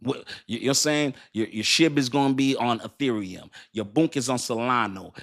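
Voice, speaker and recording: A man's voice: mid-range voice, normal speed, creaky. Laughing, rambling male crypto streamer. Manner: rambling, laughs often, restarts sentences, reads chat. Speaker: crypto livestream host. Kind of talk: casual livestream chat.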